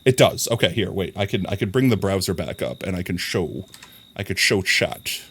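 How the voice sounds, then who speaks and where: A young man casually commentating a live stream, chatty and quick to laugh as he talks to his chat. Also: low voice, expressive, fairly bright tone, slightly rough.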